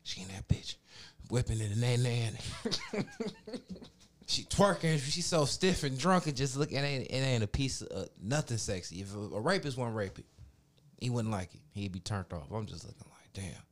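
A man telling a story in casual podcast chat, profane and animated, acting out the people he quotes. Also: medium pitch, normal speed.

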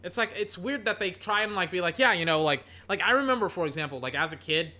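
Rambling young man, bright voice. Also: high voice, quick pace. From Texas. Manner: rambling, heavy on filler words, bursts into excited play-by-play. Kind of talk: casual rambling chat while calling a football game.

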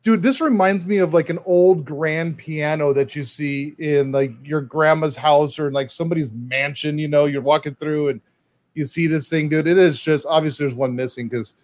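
Excitable chatty man, slightly high voice. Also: normal speed. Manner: excitable, chatty, says "dude" and "man" a lot. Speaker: co-host reading live comments. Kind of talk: casual live-stream chat.

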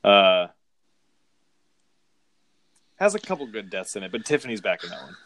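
Casting: low-voiced man, easygoing co-host, dry close sound. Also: sing-song, quick pace, a bit bright, no room sound. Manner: rambling, amused, with frequent restarts and laughs. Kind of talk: casual chat recapping movies.

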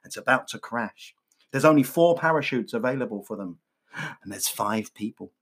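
A man's voice: medium pitch, animated, normal speed. A man co-hosting a comedy podcast, telling jokes in a playful, self-mocking way. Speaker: podcast co-host.

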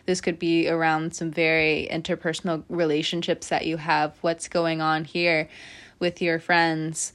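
Animated swearing woman tarot reader. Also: sits low, normal speed, hardly any pauses. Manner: animated, swearing, laughs at herself. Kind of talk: casual tarot reading to camera.

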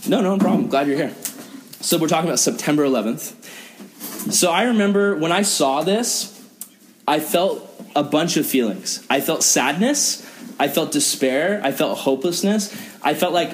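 A young man preaching earnestly to teenagers as a youth pastor, animated and acting out other people's lines. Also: fairly high pitch, moderate pace, slight background noise. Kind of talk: sermon to teenagers.

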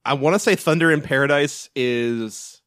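A man's voice: medium pitch, normal speed, a bit bright, no room sound. A man rambles through a casual movie podcast chat. He restarts often and swears now and then, in a dry, close recording. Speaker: podcast co-host.

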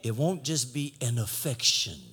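A man preaching a sermon, swinging from shouted exhortation to low conversational teaching. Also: unhurried.

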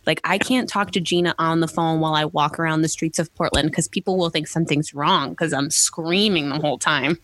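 A woman's voice: deep voice, steady tone, a little fast, hardly any pauses, fairly bright tone, no echo. Casting: teasing co-host, woman, strong American accent, lots of laughter, dry sound. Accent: strong regional American accent. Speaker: podcast co-host. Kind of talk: casual chat.

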